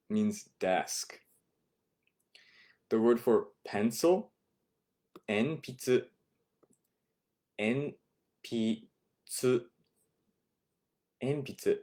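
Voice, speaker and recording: Slow, mellow male language teacher. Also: mid-range voice. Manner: slow, patient, repeats words for students. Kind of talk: online vocabulary lesson. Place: home, not a classroom.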